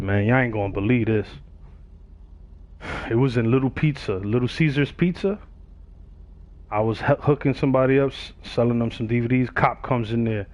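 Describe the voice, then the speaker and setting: A man's voice: mid-range voice, no room sound. A man, telling a story casually on his livestream and acting out the other people's voices. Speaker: livestream gamer. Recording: dull, dry sound.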